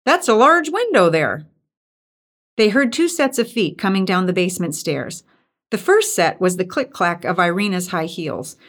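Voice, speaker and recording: A woman narrating an audiobook with an even storytelling delivery. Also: lowish voice, normal speed.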